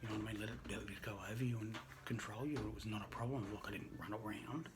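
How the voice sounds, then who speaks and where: A man who works as a registered nurse, telling a personal story in an earnest, halting way that often drops to a hushed near-whisper. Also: on the low side, steady tone, very noisy. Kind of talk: personal story told to camera.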